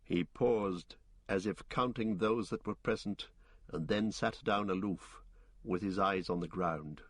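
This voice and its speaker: A man reads an audiobook aloud, his voice low and measured. The recording is dry and close, with no room sound. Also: breathy edge, dry recording. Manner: measured, deliberate reading. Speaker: narrator. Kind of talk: audiobook reading.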